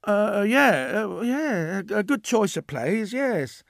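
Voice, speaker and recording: A man's voice: sits high, sing-song, slow pace, creaky, no echo, clean studio sound, voice pushed up, exaggerated voice. A man reading a story who voices a flustered man with a stammering, hesitant delivery. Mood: bemused. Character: flustered everyday British man, easily bewildered.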